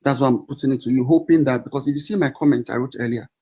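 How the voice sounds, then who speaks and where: A man's voice: medium pitch, rapid-fire, mellow, slightly rough. A man speaks in a live audio-room debate in an ordinary mid-range voice. He argues and pleads by turns, restarting his sentences and saying things twice. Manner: argumentative and pleading, restarts and repeats himself. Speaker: caller in a debate.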